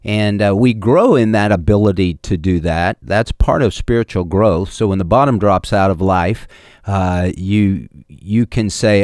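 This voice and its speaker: A male preacher giving a sermon in a folksy, halting way, with fillers and restarts. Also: lowish voice, darkish tone, no echo, clean studio sound.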